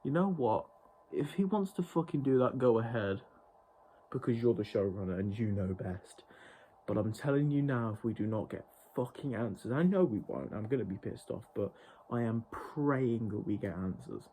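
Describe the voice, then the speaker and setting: A man's voice: medium pitch, animated, moderate pace, warm tone, slight background noise. A man reviewing a TV show in an exasperated, profane rant. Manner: exasperated, heavily profane ranting. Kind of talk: ranting review vlog.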